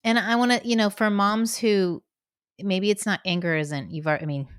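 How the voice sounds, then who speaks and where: A woman's voice: mid-range voice, normal speed, clean tone, dry recording, clean studio sound. A woman hosting a podcast interview, talking conversationally and addressing listeners directly. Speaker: podcast host.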